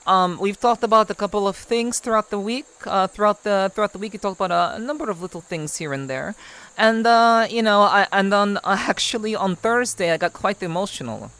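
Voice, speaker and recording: A woman's voice: medium pitch, brisk, fairly bright tone, clear, resonant tone. A woman streamer talks loosely with her chat in a put-on Russian accent. She teases and lays down mock-stern rules, rambling between bursts of laughter. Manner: teasing, playfully stern, rambling with frequent laughs. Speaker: VTuber streamer. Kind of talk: casual livestream chat with viewers.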